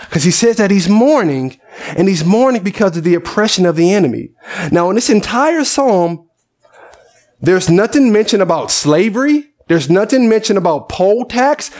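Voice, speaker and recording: High-voiced man preaching a sermon. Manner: impassioned preaching, voicing the psalmist's prayers. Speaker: pastor.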